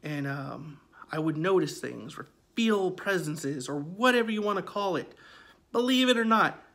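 A man's voice: sits high, lively intonation, moderate pace, fairly bright tone. A man in his forties telling a true ghost story in a conversational, emphatic way, often repeating his phrases. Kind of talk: casual spoken storytelling.

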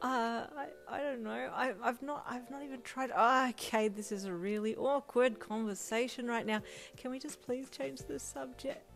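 A woman voicing a shy, flustered young woman who stammers and goes shrill when embarrassed, while reading a fan fiction aloud. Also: fairly even intonation, normal speed, creaky, soft background music.

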